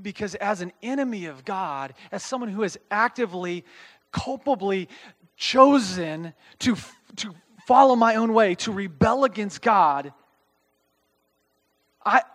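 A man's voice: high voice, animated, a little slow, long pauses, fairly bright tone. A man preaching a conversational sermon. He reads scripture aloud, explains it in plain words and keeps checking in with listeners by asking "okay?". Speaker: pastor.

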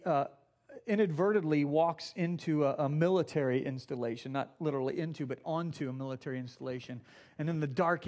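A middle-aged male pastor preaching a sermon in a slightly high voice. He tells stories, acts out the quotes, and slows right down to stress the points he wants to land. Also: darkish tone. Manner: storytelling with acted quotes, slows for emphasis.

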